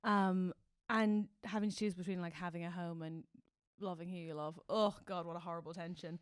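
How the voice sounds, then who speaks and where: A woman's voice: fairly low pitch, fairly even intonation, brisk, smooth, no echo. A woman co-hosting a podcast in a studio, chatting casually and animatedly, laughing often. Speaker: podcast co-host. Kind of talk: casual chat. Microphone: studio mic.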